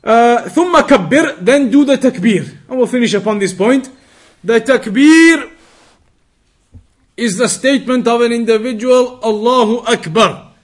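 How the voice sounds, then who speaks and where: A man teaching a religious lesson, reading Arabic text quickly and then explaining it slowly, drawing out words to demonstrate pronunciation. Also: very high voice. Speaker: Islamic teacher.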